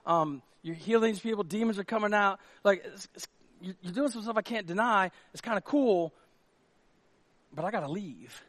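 A man's voice: high-pitched, animated, normal speed, a bit bright, no room sound. A man voicing a laid-back, easygoing young fisherman who talks in casual mumbled slang.

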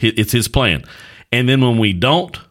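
A man's voice: mid-range voice, expressive, moderate pace, fairly bright tone. A middle-aged man, a pastor hosting a podcast, telling a folksy story in casual chat.

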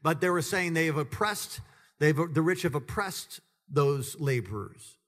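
A man preaching a sermon to his congregation, swinging between calm teaching, humorous asides and loud, high-pitched passionate preaching. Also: a little slow, long reverb tail. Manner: builds to loud, high-pitched preaching, then drops low and conversational. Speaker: pastor. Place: church sanctuary with congregation.

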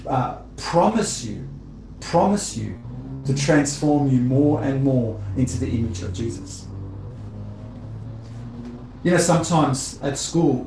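A man preaching a sermon to his congregation. He talks in a conversational way, repeats phrases and gets animated when he tells stories. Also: mid-range voice, echoey room, slight background noise, low-quality recording.

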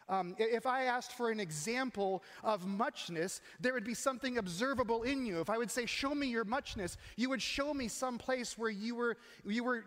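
A middle-aged man preaching a sermon in a church, talking in a conversational, animated way and often asking the congregation questions. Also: sits high. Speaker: pastor. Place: church sanctuary. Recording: long hall reverb.

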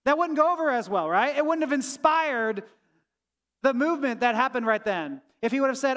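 A man's voice: very high voice, animated, moderate pace, fairly bright tone. A man who is a pastor, giving a sermon in a conversational way and often asking the room "right?". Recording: long reverb of a large hall.

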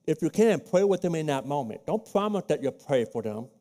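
A man preaching a sermon as pastor of a church, teaching in a practical, conversational way and acting out his own prayers in a hushed voice. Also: fairly high pitch, very animated, brisk. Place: church sanctuary.

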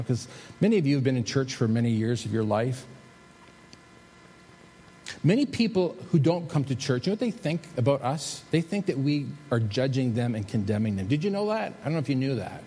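Pastor preaching in a reverberant hall. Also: male voice, mid-range voice. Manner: preaching with emphatic rises and soft drops. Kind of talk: sermon. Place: church sanctuary. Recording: reverberant hall with faint noise.

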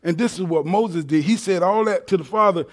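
A man preaching a sermon in an animated, colloquial way, swinging from quiet asides to shouts. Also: high-pitched, brisk.

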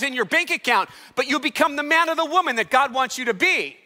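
High, bright-voiced preaching pastor in a hall. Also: male voice, lively intonation, fast talker, hardly any pauses. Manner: emphatic, conversational preaching with rising calls. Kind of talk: sermon. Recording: hall reverb.

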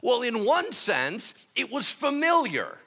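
A man preaching a sermon in a relaxed, conversational way, reading scripture and retelling stories with lively asides. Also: extremely high pitch, slow. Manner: conversational and animated, acting out scenes. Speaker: pastor.

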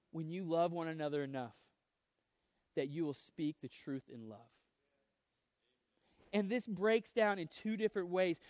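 A male pastor preaches with an earnest, conversational delivery, often stumbling and restarting as he reaches for the next phrase. His voice sits very high and has a slightly whiny edge. The sound is dry and close, with almost no room around it. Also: dry recording. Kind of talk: sermon.

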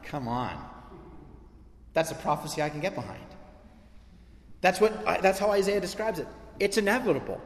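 A man preaching with emphatic, building intensity, his voice sitting a little high for a man. The sound carries the long, roomy echo of a large hall. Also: lively intonation, normal speed, long pauses, a little hiss or hum. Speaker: pastor. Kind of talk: sermon.

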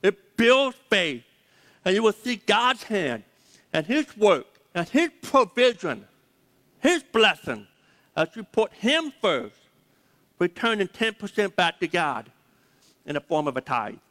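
Speaking slowly with frequent pauses, a man with a high, very animated, slightly bright voice preaches as pastor. He emphatically repeats key words and has the congregation say them aloud. The recording has the long reverb of a large hall.

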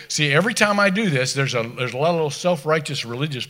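A man preaching a sermon in a conversational way, stumbling over restarts and swinging between loud scripture reading and quiet asides. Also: a little high, lively intonation, fast, few pauses. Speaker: pastor.

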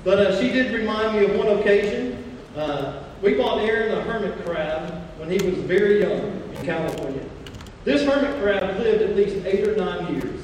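High-voiced pastor preaching in an echoey hall. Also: male voice, animated, slight background noise. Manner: slows down to stress key phrases; mixes scripture with personal family stories. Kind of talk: sermon. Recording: echoey hall, mic far off.

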